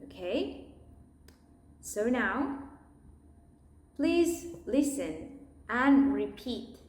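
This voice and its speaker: A woman teaching pronunciation, modelling words one at a time and deliberately exaggerating sounds so learners can repeat them. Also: fairly high pitch, sing-song, darkish tone, echoey room. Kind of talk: pronunciation lesson, listen and repeat.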